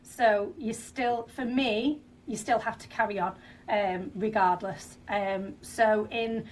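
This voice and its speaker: A woman's voice: mid-range voice, fairly even intonation, slow pace, a little hiss or hum. Northern English woman, 30s, podcast guest; talkative, full of fillers, slightly distant from the mic. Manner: chatty, many fillers and restarts. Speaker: franchisee guest. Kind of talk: podcast interview.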